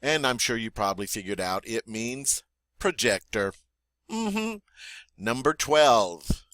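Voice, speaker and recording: A man with a bright, forward voice runs a French vocabulary lesson, saying each word slowly and clearly and leaving room for students to repeat. His delivery is friendly and encouraging, with a lively, rising and falling pitch. The sound is dry and close, with no room echo. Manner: slow, deliberate model pronunciation with pauses for repeating. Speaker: French teacher.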